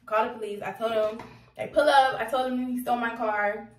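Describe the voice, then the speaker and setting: A young woman telling a casual storytime, animated and slangy, laughing as she talks. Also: on the high side, brisk, recorded from a distance, slight background noise. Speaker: vlogger. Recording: roomy echo, off-mic.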